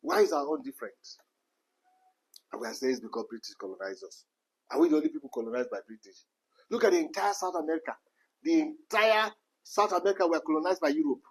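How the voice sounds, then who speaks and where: Nigerian man, high and husky, emphatic rhetorical commentator. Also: fast talker, rough recording. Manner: repetitive, rhetorical questions, emphatic. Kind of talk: impassioned rant.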